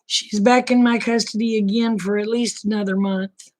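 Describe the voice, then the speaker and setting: A middle-aged woman with an Oklahoma accent, hosting a casual late-night livestream chat and talking to viewers by name, her throat a bit rough. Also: medium pitch, normal speed. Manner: relaxed, folksy, talks to viewers by name. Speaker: livestream host chatting with viewers.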